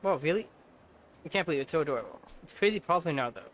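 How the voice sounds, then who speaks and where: A man's voice: a little high, expressive, rapid-fire, a bit bright, a little hiss or hum. A man voicing a young woman, an emotional girlfriend in a video game, speaking in an earnest, pleading way. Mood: touched. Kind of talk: reading game subtitles aloud in voices.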